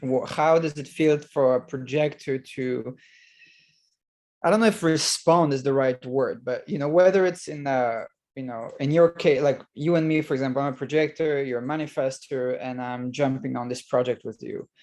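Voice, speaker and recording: Host, man, gravelly mid voice, feels his way through questions. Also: medium pitch, fairly even intonation, moderate pace, a little mellow. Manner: hesitant, searching questions. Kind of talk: casual conversation.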